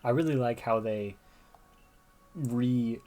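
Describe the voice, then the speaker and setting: A man's voice: mid-range voice, a little slow, mellow, faint music behind. Chatty man doing gameplay commentary. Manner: chatty, thinks aloud, reads game dialogue. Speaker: gamer.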